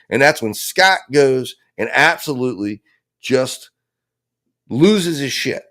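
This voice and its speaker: A man holds forth on a live stream, arguing his theory of the case with real heat. He keeps to a middle pitch, and his voice jumps up when he acts out what the people involved might have said. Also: expressive, moderate pace, fairly bright tone. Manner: impassioned, theorizing, acts out quoted lines. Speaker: true-crime trial commentator.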